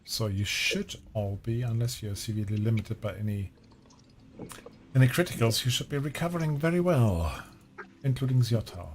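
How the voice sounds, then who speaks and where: A man in a middle pitch runs a tabletop game as game master, calling for rolls and narrating at an easy, unhurried pace. His voice is caught on a noisy home recording with clear hiss behind it. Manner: relaxed, unhurried rulings with fillers.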